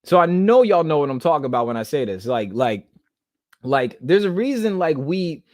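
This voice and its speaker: A man's voice: fairly high pitch, very animated, moderate pace, a little mellow, no echo, studio quality. Rambling emotional young man podcasting. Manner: rambling, many restarts and fillers; emotional, holding back tears. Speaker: podcast host. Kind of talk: casual monologue.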